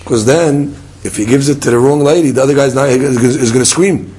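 A man's voice: mid-range voice, a little fast, breathy edge, rough recording. A man teaching a Talmud lesson, acting out little dialogues and firing rhetorical questions at his listeners. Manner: lively, acts out dialogue and fires rhetorical questions.

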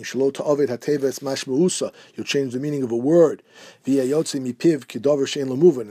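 Male teacher, husky and dark-toned, steady explanatory lecture delivery. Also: mid-range voice. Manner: steady explanatory, mixing Hebrew quotes with English. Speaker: Torah teacher. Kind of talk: halachic lecture.

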